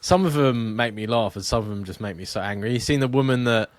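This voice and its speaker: A man chatting casually on a podcast, retelling funny clips animatedly with plenty of swearing. His voice is mid-pitched, and the sound is close and dry. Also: fast talker, no echo. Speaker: podcast co-host. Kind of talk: casual chat.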